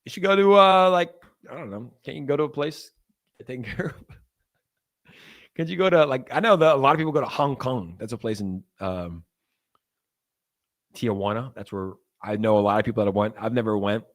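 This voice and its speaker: A man's voice: mid-range voice, normal speed, pauses often. Rambling young man hosting a crypto stream. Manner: rambling, filler-heavy, reads chat aloud. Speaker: crypto livestream host. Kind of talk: casual livestream chat.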